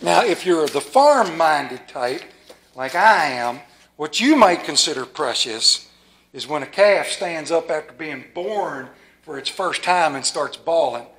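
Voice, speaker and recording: A man preaching a sermon as a pastor, folksy and playful with a rural Maryland accent, dropping to a hushed, reverent tone. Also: on the high side, lively intonation, unhurried.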